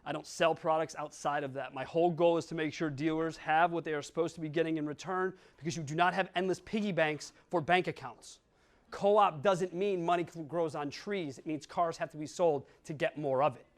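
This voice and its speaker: In a conference hall, a man from Wisconsin delivers a keynote talk in a slightly high, fairly even voice at a slightly quick pace. He's blunt, swears now and then, and jokes with the audience.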